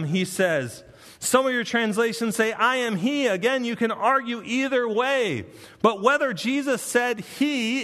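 A man preaching an expository sermon, earnest and emphatic, with dramatic pauses. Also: high-pitched, fairly bright tone, in a large hall. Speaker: pastor.

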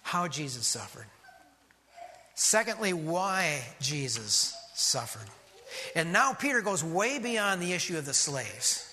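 A man preaching a sermon as pastor, emphatic and rhythmic, dropping to a hush on key words. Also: fairly high pitch, in a large hall, slight background noise.

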